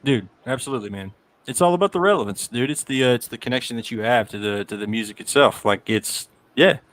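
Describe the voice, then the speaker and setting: Man, mid-pitched stream co-host, easygoing, slangy, laughs a lot. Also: animated, fast, a bit bright. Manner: laid-back, says dude and man a lot, laughs often. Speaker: co-host of a live music chat stream. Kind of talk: casual banter.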